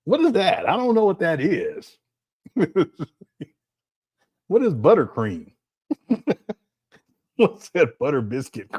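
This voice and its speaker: A man's voice: sits high, big pitch swings, unhurried, pauses often, darkish tone. A man hosting a casual livestream, reacting to clips with frequent laughter and disbelief. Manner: laughing often, incredulous, chatty.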